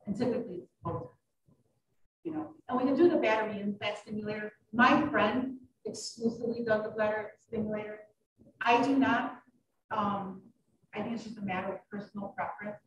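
A woman doctor giving an informal question-and-answer talk, who tells stories lively and acts out her patients' voices. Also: medium pitch, brisk, slight background noise. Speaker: urogynecologist giving a library talk. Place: library meeting room. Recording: echoey room, distant dull mic.

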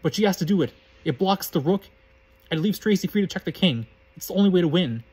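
A man's voice: sits high, lively intonation, quick pace, a little mellow, breathy edge. A man reading aloud the lines of an anxious young male student who urges and pleads with his friends. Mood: urgent. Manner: urgent, insistent pleading. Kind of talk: read-aloud fan fiction.

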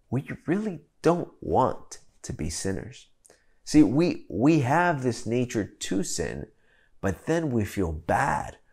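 A man's voice: mid-range voice, gravelly, husky. A man in his thirties preaching a sermon as a pastor, telling a family story in a conversational, storytelling way.

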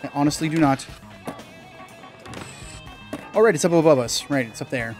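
A young man, a gaming channel host, giving casual gameplay commentary, chatty and excitable, swearing mildly and yelping when things go wrong. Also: normal speed. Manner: excitable, bursts into high yelps and laughs at mistakes. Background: faint game music.

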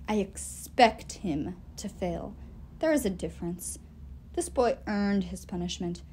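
A woman's voice: mid-range voice, animated, a little slow, darkish tone, a little hiss or hum, voice pushed down, close to an everyday voice. Woman doing a grumpy old elf dad, cold and snippy, voice swings up and down a lot. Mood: stern, scornful. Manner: cold, scolding, clipped. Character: stern bitter old male elf father.

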